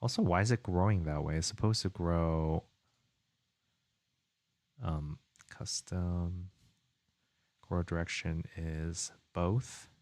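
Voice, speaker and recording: A man's voice: low-pitched, steady tone, slow, long pauses, darkish tone, no echo. A man streaming his indie game development, chatting casually, muttering to himself and reading viewer chat aloud while he works.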